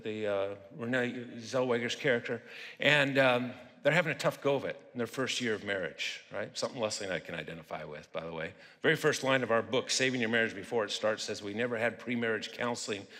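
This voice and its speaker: Middle-aged man, sermon, bright voice, long hall echo, chatty with the crowd. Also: mid-range voice. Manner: conversational, asks the audience questions. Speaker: guest pastor and psychologist. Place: church auditorium.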